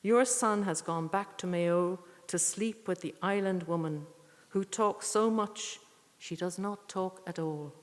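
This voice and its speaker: Middle-aged woman, lowish voice, reads poems at a tribute evening, church reverb. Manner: measured, deliberate reading with rambling asides. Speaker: poet reading at a tribute evening. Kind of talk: poetry reading with chatty introductions.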